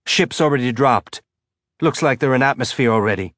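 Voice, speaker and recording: A terse, gruff male worker performed by a man reading a story. He speaks in short, dry sentences in his usual mid-range voice. The recording is close and dry, with no echo. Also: medium pitch, moderate pace, fairly bright tone, lightly acted. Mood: flat, blunt.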